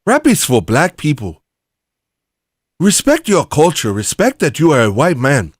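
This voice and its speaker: A man's voice: on the high side, wildly swooping pitch, slightly rough, no room sound, clean studio sound, pitched above the performer's own voice, full character voice. A man putting on a preachy African-accented lecturer. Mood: lecturing. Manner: stern, lecturing, drawn-out. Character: preachy man lecturing white people on their culture.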